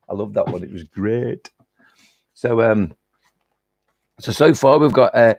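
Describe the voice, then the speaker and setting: Gravelly man hosting a poetry live stream. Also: medium pitch, expressive, unhurried, long pauses, a little mellow, dry recording. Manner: rambling, friendly asides with many restarts. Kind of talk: casual chat and comic poem reading.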